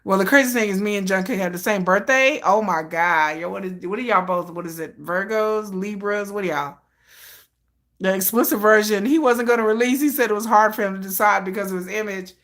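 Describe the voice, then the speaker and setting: A woman hosting a live stream, chatting casually and telling stories in an excitable way, often breaking into laughter. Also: mid-range voice, fairly quick. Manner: animated, excitable storytelling with frequent laughter.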